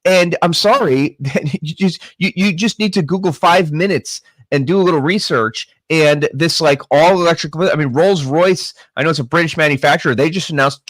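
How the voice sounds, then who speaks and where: A man chatting as a guest about politics, thinking out loud with emphatic asides. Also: on the high side, normal speed, no room sound. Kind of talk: casual political chat.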